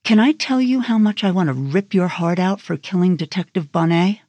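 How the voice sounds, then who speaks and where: A woman's voice: lowish voice, normal speed, mellow, dry recording, close to an everyday voice. Woman voicing a blunt, sardonic FBI agent. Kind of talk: audiobook character voice.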